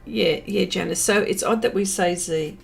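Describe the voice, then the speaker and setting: A woman's voice: lowish voice, normal speed, gravelly, soft background music. An Australian woman hosting a livestream, chatting casually and reading viewer comments aloud with lots of fillers. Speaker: livestream host. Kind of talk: casual chat while painting, reading comments.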